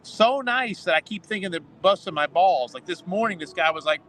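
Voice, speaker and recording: A man's voice: high voice, a little fast, rough recording. A man co-hosting a casual podcast, joking and telling stories from a city alley at night. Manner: joking, animated storyteller. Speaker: podcast co-host. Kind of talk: casual chat.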